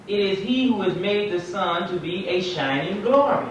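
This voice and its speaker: With a high, expressive voice and hardly a pause, an imam quizzes his Arabic students at normal speed during a conversational lecture in a mosque classroom. A little hiss or hum sits on the recording, an echoey, distant-mic 1990s tape that sounds dull and lo-fi.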